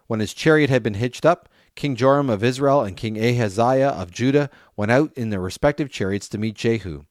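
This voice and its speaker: A man reading a Bible passage aloud at a steady pace, with an occasional restart on a name or phrase. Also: on the low side, moderate pace, no room sound, clean studio sound. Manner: steady reading, lifts voice for quoted speech. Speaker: scripture reader.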